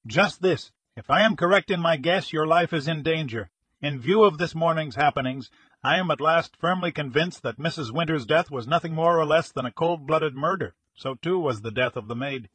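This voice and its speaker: A man's voice: on the high side, normal speed, fairly bright tone, slightly rough, no room sound, pitched above the performer's own voice. A man voicing a relentless male police inspector who presses with blunt questions in a detective audiobook. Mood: insistent.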